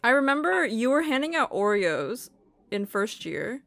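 A woman in her twenties chats easily as a guest on a friendly podcast. Her talk is relaxed and unhurried. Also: a little high, vocal fry. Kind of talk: casual chat among friends.

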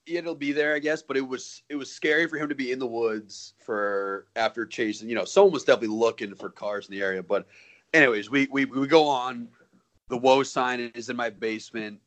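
A man's voice: mid-range voice, fairly quick, a bit bright, dry recording, low-quality recording. A man co-hosting a podcast, telling a story casually with loose phrasing and frequent restarts. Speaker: podcast co-host.

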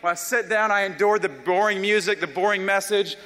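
A young man from South Carolina, telling his life story as an animated, self-deprecating testimony. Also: high-pitched, fairly quick. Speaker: speaker giving a personal testimony. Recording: long reverb of a large hall.

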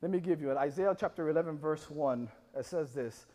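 A man preaching a sermon as pastor, impassioned, with rising shouts and call-and-response to the congregation. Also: on the high side, a little fast, big-room sound.

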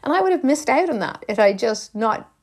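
A woman's voice: a little high, very animated, a little fast, breathy edge. A woman, a life coach, talking through a podcast monologue in an earnest, encouraging way, often repeating phrases for emphasis.

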